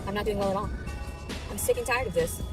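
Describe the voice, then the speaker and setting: Furious ranting woman, fast talker. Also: mid-range voice, music in the background. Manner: ranting, furious, heavily profane. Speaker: vlogger in clips. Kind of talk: angry monologue to camera.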